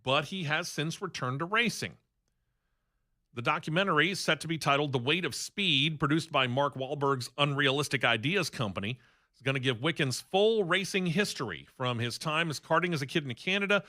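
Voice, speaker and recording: A man's voice: mid-range voice, pushed and bright. A man hosting a sports talk radio show in a studio, running through racing news in a chatty, opinionated way.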